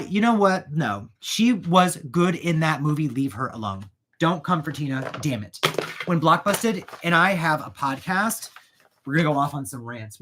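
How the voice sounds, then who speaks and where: A man hosting his own channel, chatting casually while wrapping gifts, animated and prone to going off on rants and tangents. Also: fairly high pitch, a little hiss or hum. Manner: animated, ranting, goes off on tangents. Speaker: channel host.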